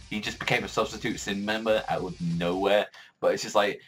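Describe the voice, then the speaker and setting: Man, casual review vlog, rambling, swears a lot, fillers everywhere, somewhat low voice. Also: normal speed, faint music behind, poor audio. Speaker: anime and manga reviewer.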